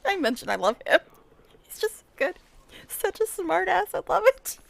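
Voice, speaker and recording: A woman's voice: very high-pitched, sing-song, moderate pace, gravelly, no room sound. A woman streaming a game, chatting casually and gushing with frequent giggles. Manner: giggly and gushing, laughs often. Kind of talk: casual livestream chat while reading game dialogue aloud.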